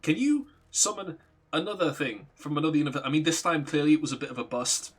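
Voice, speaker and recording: A man's voice: on the high side, animated, fast, slightly rough. A man voicing a bored, cheerful, bloodthirsty immortal man, speaking in a casual, offhand way. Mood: chatty.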